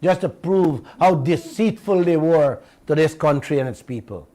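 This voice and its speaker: Guyanese radio host guy, high voice, fired up and ranting. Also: moderate pace, poor audio. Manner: animated, indignant, repeats himself. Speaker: radio talk show host. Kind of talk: heated talk radio monologue.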